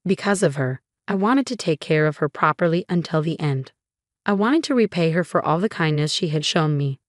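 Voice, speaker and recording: A woman narrating a first-person family drama story in an even, measured, scripted reading. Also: sits low, no room sound, clean studio sound.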